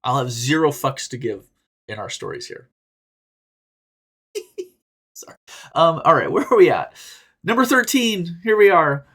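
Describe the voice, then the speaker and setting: A man's voice: on the high side, measured pace, long pauses. A man hosting a casual podcast, reading listener posts and giving candid, rambling advice with plenty of swearing and laughter. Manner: animated, jumps between loud bursts and quiet asides. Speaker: podcast host reading and answering reader stories.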